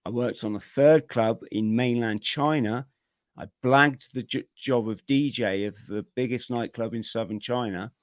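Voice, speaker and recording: A middle-aged man, a podcast guest, telling his own story in a vivid, energetic way with plenty of slang. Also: mid-range voice, dry recording, studio quality. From Britain. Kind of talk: personal storytelling in an interview.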